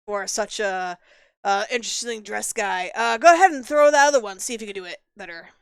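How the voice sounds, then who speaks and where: A woman voicing a brash male carnival barker with loud, hustling patter. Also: medium pitch, fairly quick, smooth, no echo, natural voice.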